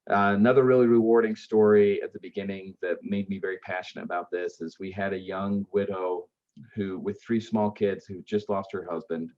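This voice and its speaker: Speaking in a lowish, somewhat mellow voice, this aftercare service founder shares sincere accounts of grieving families he has helped while a guest on a podcast. He stumbles through many fillers and restarts, and the audio is dull lo-fi.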